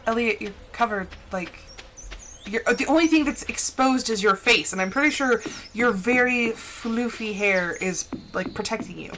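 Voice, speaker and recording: A young woman chats casually through a gaming live stream in a slightly high voice. Her chatter is playful and easygoing, and she drifts into animated little stories as she plays. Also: moderate pace, background noise.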